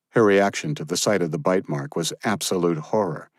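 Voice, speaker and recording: A male audiobook narrator with a very deep voice, reading a thriller in an even, steady way. The recording is close and dry, with almost no room sound. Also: a little fast, few pauses, dry recording. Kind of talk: scripted narration.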